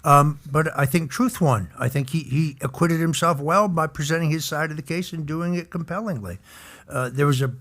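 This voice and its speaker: A man appearing as a guest on a podcast panel, offering measured, deliberate opinions. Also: fairly high pitch, a bit bright. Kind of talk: casual panel discussion.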